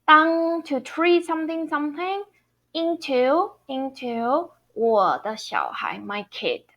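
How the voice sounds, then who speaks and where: A woman's voice: high voice, expressive, slow, fairly bright tone. A woman, teaching Mandarin tones online, patiently explaining step by step and repeating each word. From Taiwan. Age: 30s. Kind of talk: online language lesson.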